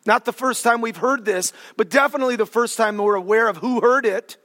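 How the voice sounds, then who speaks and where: An animated male pastor preaches with humor and sudden dramatic swings in volume. His voice is unusually high for a man. It rings with a long reverb through the church hall. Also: a little fast. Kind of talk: sermon.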